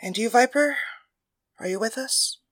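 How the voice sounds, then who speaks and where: A woman voicing a calm female leader who speaks quietly and in a measured way. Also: on the high side, pitched above the performer's own voice.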